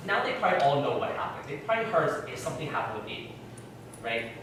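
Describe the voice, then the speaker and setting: A man teaching a Bible class. He asks the class questions in a lively, conversational way. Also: on the high side, quick pace. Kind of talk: interactive Bible study teaching. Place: church classroom. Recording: echoey room, distant mic, background noise.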